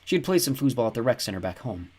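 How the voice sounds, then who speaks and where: A man reading a novel aloud as an audiobook narrator, in an even, descriptive storytelling manner. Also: mid-range voice, racing, slightly rough. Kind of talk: scripted narration.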